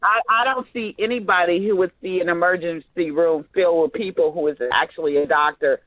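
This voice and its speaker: Director type, lively and hands-on in rehearsal, muffled dry audio. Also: medium pitch, fairly quick, dry recording. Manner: animated, acts out lines mid-explanation. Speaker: director giving actors notes. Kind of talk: rehearsal notes, casual.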